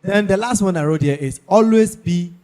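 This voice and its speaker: Emphatic Ghanaian man, fairly high voice. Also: normal speed, darkish tone. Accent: Ghanaian English. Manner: emphatic, repeats key points, checks in with listeners. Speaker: speaker giving career advice. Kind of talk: talk to an audience.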